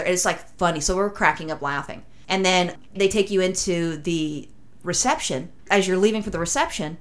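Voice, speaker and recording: A woman with a somewhat low voice tells a long, winding anecdote in relaxed podcast chat. She strings her thoughts together with "and then" and "like," and breaks into quick impressions of the people in her story. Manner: rambling, animated anecdote with acted-out quotes.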